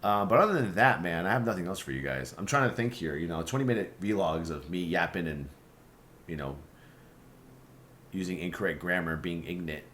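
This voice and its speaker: A man's voice: deep voice, animated, a little fast, a bit bright, a little hiss or hum. A young man hosting a casual vlog, rambling and swearing with lots of fillers and restarts. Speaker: streamer and vlog host.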